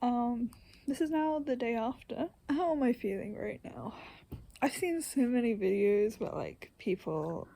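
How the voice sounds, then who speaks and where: A young woman with a fairly high voice talks casually to camera. She rambles and makes fun of herself, laughs a lot, and often drops to a soft half-whisper. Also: animated, unhurried, vocal fry. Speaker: vlogger.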